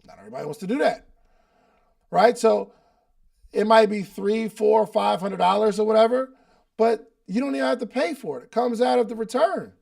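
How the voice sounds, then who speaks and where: A man's voice: high voice, normal speed, vocal fry, darkish tone. A man hosting a live coaching session, talking loosely and casually with slang and repeated phrases for emphasis. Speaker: podcast host and business coach. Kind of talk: casual coaching talk at a live online meeting.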